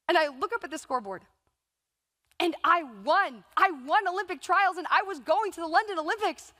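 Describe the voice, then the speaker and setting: A woman's voice: extremely high pitch, expressive, fairly quick, pushed and bright. A woman in her thirties giving a motivational keynote speech on stage, telling stories and acting out her own inner voices. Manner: storytelling, acts out inner voices and quotes. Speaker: keynote speaker. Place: large event hall. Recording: long reverb of a large hall.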